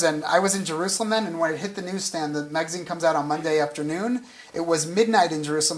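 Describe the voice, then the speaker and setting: A man's voice: on the high side, a bit bright. A man, an author talking on stage at a literary event, who rambles, restarts his sentences and chuckles as he goes. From United States. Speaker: author being interviewed. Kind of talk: casual onstage talk.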